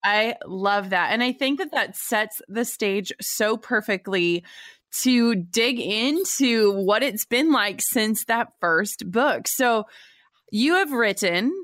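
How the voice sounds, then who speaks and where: Unhurried woman in her twenties hosting. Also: fairly high pitch, lively intonation, a bit bright, dry recording, clean studio sound. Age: 20s. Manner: affirming, laughs along, asks layered questions. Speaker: podcast host. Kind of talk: casual interview.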